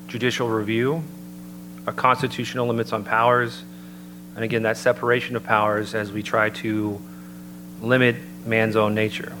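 Man, mid-low voice, earnest measured preaching delivery, recording carries a steady hum. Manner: measured, earnest, citing scripture. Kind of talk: sermon-style talk. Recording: noticeable background hum.

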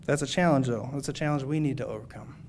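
A man giving a sermon in an earnest, measured way, reading scripture aloud and explaining it to his congregation. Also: mid-range voice, a little mellow, slight background noise. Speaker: preacher.

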